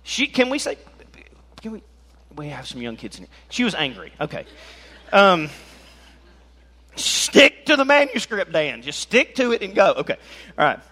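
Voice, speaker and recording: A man preaching an animated sermon as pastor, joking and swinging between loud and soft. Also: a little high, normal speed, husky.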